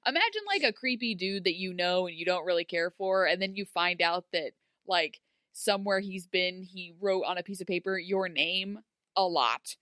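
A woman's voice: fairly low pitch, normal speed, no room sound, clean studio sound. A woman chatting casually as a podcast co-host, recapping a TV episode and acting out the characters' lines. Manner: animated, acts out characters' lines.

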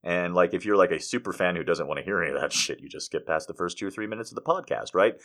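Man, podcast host, casual rant, swearing, swings from mutters to outbursts, very lively pitch. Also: fast. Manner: animated and ranting, swearing, swings between mumbling and shouting. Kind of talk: casual monologue.

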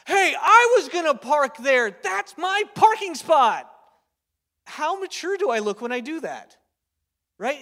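High-voiced young preacher in a reverberant hall. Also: male voice, a bit bright. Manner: chatty, storytelling, lots of filler words and tag questions. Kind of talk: sermon.

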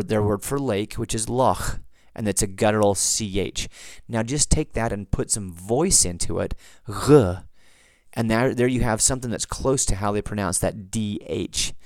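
Low-voiced man hosting a podcast. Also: no echo. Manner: chatty, digressive, teacherly. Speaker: podcast host. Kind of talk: casual explanatory podcast talk.

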